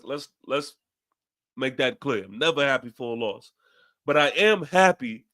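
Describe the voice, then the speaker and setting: A young man with a New York accent delivers a fan's post-game rant as a podcast host. His voice sits a bit high, and he hammers points home by repeating them, swearing casually as he goes. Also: sharp tone.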